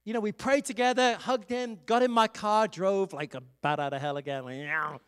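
A man's voice: high-pitched, fairly quick, a bit bright, smooth. A middle-aged man, an evangelist and pastor, preaching a sermon and telling a personal story in a conversational way, laughing now and then.

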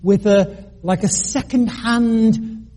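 A man's voice: high voice, fairly even intonation, slow, dark tone. A middle-aged man from the United Kingdom, preaching a sermon earnestly, with joking asides and stammered restarts. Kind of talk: sermon with personal story.

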